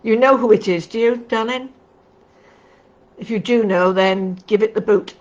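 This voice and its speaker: A woman's voice: medium pitch, normal speed, darkish tone. A middle-aged woman giving a casual livestream tarot reading, chatty and affectionate, calling viewers darling. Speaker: tarot card reader. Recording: dull lo-fi recording with faint noise.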